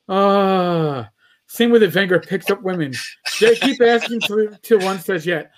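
Guy with a high voice chatting casually, keeps stumbling over his words. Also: moderate pace. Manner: stammering, repeats words. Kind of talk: casual chat.

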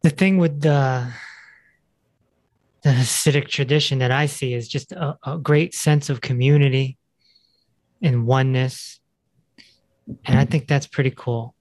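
A man interviewing a guest, asking questions and adding comments in a relaxed, plain way. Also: mid-range voice, unhurried, pauses often, no echo. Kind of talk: casual interview.

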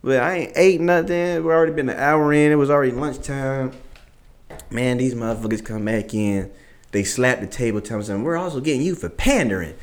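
A man's voice: fairly even intonation, fairly quick. Guy cussing his way through a story in an interview, plays out what everybody said. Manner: profane, swears constantly; acts out quoted exchanges, jumping higher and louder. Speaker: interview guest. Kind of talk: casual storytelling.

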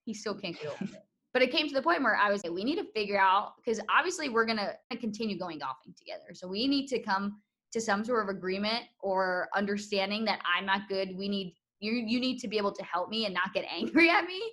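A young woman in an easygoing podcast chat, telling a long story and acting out what people said. Her voice sits at a middle pitch for a woman. She laughs often as she talks. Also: fast. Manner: animated storytelling, laughing often, acts out quotes. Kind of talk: casual chat.

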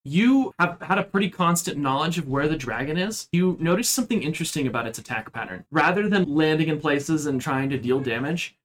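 A man runs a tabletop game as its game master. His voice sits a touch high, and he paints each scene in a steady, descriptive way. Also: rough recording. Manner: descriptive, steady narration with measured pacing.

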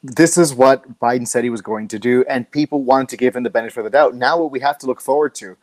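A man's voice: mid-range voice, fast, dry recording. A man hosting a political talk show, talking conversationally and wryly, with frequent fillers. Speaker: host.

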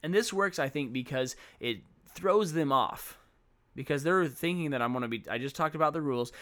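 A man's voice: a little high, moderate pace, a bit bright. A middle-aged man sharing classroom management tips for teaching children, talking casually and walking through examples. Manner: conversational, explains with examples and acts out classroom exchanges.

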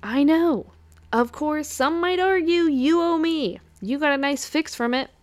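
A woman's voice: high voice, a little slow, pitched above the performer's own voice. A woman reading an audiobook, voicing a smirking male imp with easygoing, teasing banter.

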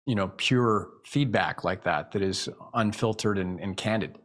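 A man's voice: lowish voice, normal speed, fairly bright tone. A man speaking as an interview guest, explaining speaking tips in a coaching tone and acting out vocal examples. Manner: coaching tone, demonstrates vocal examples, many restarts. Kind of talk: casual interview chat.

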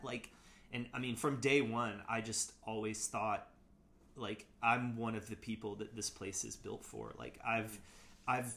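A man's voice: fairly low pitch, pushed and bright. A man speaking as an interview guest, recounting his past in a reflective, casual way, hesitant and full of "like" and "you know", with frequent restarts. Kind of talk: reflective storytelling in casual conversation.

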